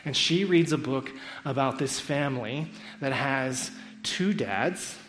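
A man retelling a story in an animated talk, acting out the quotes with a sarcastic edge. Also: mid-range voice, slow. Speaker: speaker critiquing a school curriculum.

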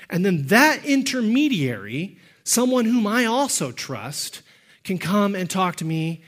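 High-voiced man preaching with force. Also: big pitch swings, moderate pace, fairly bright tone. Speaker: pastor. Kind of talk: sermon.

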